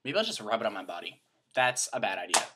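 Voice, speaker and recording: A man's voice: lowish voice, sing-song, fast, background noise. A young man from Canada chatting to camera in a rambling, self-mocking vlog. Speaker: vlogger. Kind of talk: casual chat to camera.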